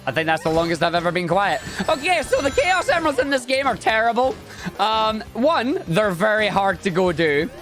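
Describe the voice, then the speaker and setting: Excitable high-voiced man narrating a speedrun. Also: moderate pace, soft background music. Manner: excitable, chatty and jokey. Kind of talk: live speedrun commentary.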